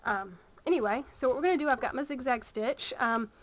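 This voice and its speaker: A woman's voice: high voice, fairly quick. Chatty Southern woman teaching sewing. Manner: chatty, many ums, talks while working. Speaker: sewing instructor. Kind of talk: hands-on sewing tutorial. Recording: muffled lo-fi home video sound.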